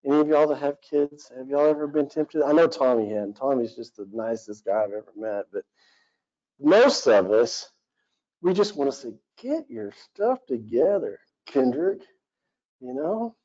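A man's voice: medium pitch, animated, normal speed, dark tone. A man in his forties giving a conversational sermon as pastor, earnest and rambling with many fillers. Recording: dull lo-fi recording.

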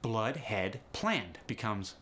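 A man's voice: on the low side, big pitch swings, slow pace, a bit bright. A man teaching an accent lesson step by step, upbeat and explanatory, saying example words to show each sound. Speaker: accent coach.

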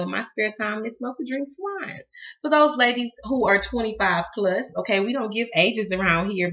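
Woman, Southern American accent, tarot reader, bright tense voice, laughs a lot, casual cussing, muffled lo-fi sound. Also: mid-range voice. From Southern United States. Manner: laughs often, cusses, lively storyteller. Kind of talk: casual chatty tarot reading.

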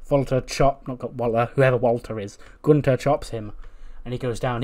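A man's voice: medium pitch, darkish tone. A man giving casual, rambling, jokey commentary on a game he is playing. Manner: rambling, jokey, slangy storytelling. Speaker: gaming YouTuber. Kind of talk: casual let's-play commentary.

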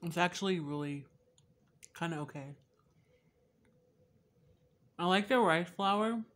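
A young woman with a lowish voice vlogs a casual taste test, taking her time. She's candid and chatty and swears freely, drifting from soft asides to loud bursts of laughter.

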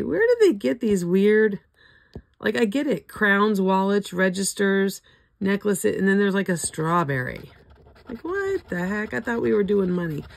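Slow gravelly older woman, hoarse. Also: mid-range voice, sing-song. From Florida. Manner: slowly calls out ticket symbols one by one, chatty asides. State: hoarse, throat not cooperating. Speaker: scratch-off ticket vlogger. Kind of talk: casual running commentary.

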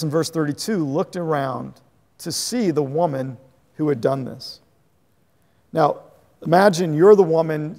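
A man preaching a sermon as a pastor, animated and conversational, chuckling at his own asides. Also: a little high, creaky, in a large hall. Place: church sanctuary.

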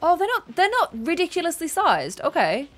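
A young woman streaming a building game, chatting casually and excitedly thanking her viewers. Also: extremely high pitch, moderate pace. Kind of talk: casual gameplay livestream chat. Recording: faint music behind.

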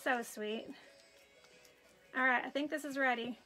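A chatty woman hosts a craft live stream, talking casually as she works and greeting viewers by name. Her voice sits high, with a bright, clear edge. She tells her stories in an animated, friendly way. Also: measured pace, soft background music, low-quality recording. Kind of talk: casual chat while crafting.

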